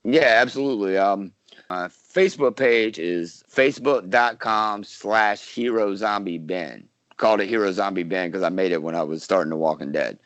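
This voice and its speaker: A man's voice: sits low, a bit bright, dry recording. A man from South Carolina, an actor guest chatting casually in an interview, rambling with lots of fillers and restarts. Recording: dull lo-fi dry sound.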